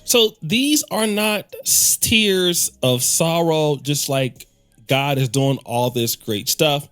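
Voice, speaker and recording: A man hosting a pop culture commentary, telling the story with wry, lively asides. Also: a little high, slow pace, clear, resonant tone, soft background music. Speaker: commentary host.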